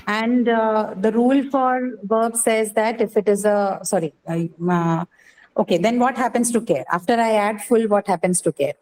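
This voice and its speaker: A woman's mid-range, slightly mellow voice is heard in a low-quality recording of a classroom lecture. The English teacher explains her lesson, asking questions and frequently checking in with "right?"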